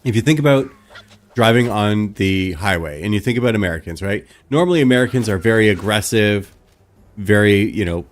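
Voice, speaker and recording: A man with a fairly low voice, chatting loosely with his stream viewers. He rambles from one story to the next with lots of "like" and "you know" along the way. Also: lively intonation, brisk. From Canada. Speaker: live streamer. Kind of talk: casual chat with stream viewers.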